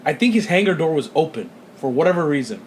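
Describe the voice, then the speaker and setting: Male podcast co-host, animated and profane storyteller, light background noise. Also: a little high, fast talker. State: sleepy. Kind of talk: casual chat.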